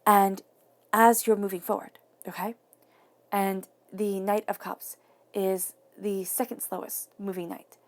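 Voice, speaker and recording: A woman's voice: mid-range voice, level tone, a little slow. A woman giving an earnest, encouraging tarot reading to viewers, repeating phrases for emphasis. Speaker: tarot reader.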